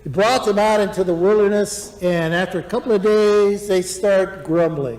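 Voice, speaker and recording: A man preaching a sermon with lively energy, acting out complaining voices in the middle of his points. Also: sits high, normal speed, hardly any pauses, roomy sound, long reverb tail, poor audio. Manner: animated, acts out grumbling voices. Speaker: pastor.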